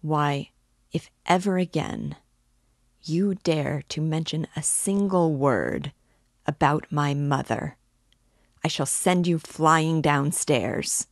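A woman's voice: low-pitched, takes it slowly, no echo, studio quality. A woman reading the lines of a sick young man who speaks with bitter, frenzied fury. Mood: scornful fury. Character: feverish, furious young man, sick in bed.

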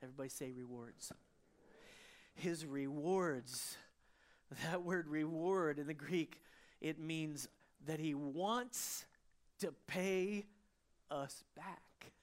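A pastor giving an emotional sermon, moving between fervent emphasis and hushed, quiet passages. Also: medium pitch, slow pace.

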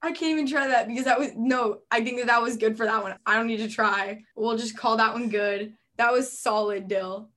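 High-voiced woman hosting casually. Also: fairly even intonation, a little fast, hardly any pauses, a bit bright. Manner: chatty, introducing each bit. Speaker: host. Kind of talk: casual chat.

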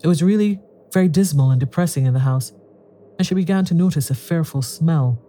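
A man giving a measured, even scripted narration of a ghost story. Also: on the high side.

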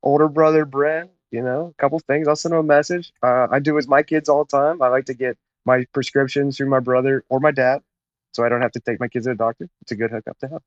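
A man's voice: medium pitch, steady tone, quick pace, dry recording, muffled recording. A man from Tennessee telling rambling, laid-back stories as an interview guest, dropping "man" and "whatnot". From Chattanooga, Tennessee, USA. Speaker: podcast guest, naval officer. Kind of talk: casual interview storytelling.

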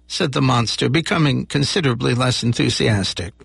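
A man's voice: mid-range voice, moderate pace, creaky, a bit bright, breathy edge, no room sound, clean studio sound. A man hosting a radio show, reading a children's story aloud with voiced characters. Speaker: radio host.

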